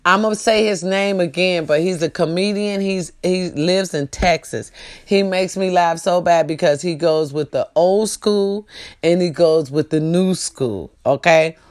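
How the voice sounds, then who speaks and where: A woman's voice: lowish voice, measured pace. A woman delivering a profane, scolding comedic rant straight to her audience.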